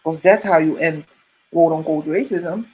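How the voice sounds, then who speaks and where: A woman from Suriname, chatting as a guest and telling stories in an animated way, laughing often and saying "you know" a lot. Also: deep voice, moderate pace, a little hiss or hum, low-quality recording. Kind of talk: casual storytelling chat.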